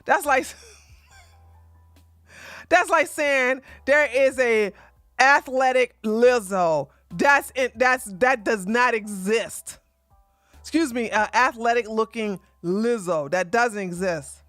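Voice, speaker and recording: A man's voice: extremely high pitch, takes it slowly, fairly bright tone, no echo. Streamer host, male: heated profane rant, mocking repeats, dry room, light music bed. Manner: repeats lines for emphasis, laughs scornfully. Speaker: livestream host. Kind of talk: livestream commentary rant.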